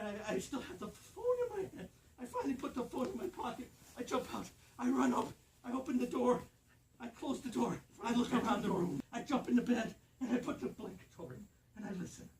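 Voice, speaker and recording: A man playing Father Christmas tells a joke story on a TV set, with dramatic swings from loud pleading cries to hushed whispers. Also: high voice, creaky, far from the mic. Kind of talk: live TV storytelling of a joke tale. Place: community TV studio set. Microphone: camera off set. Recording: echoey studio, camera off to the side, background noise.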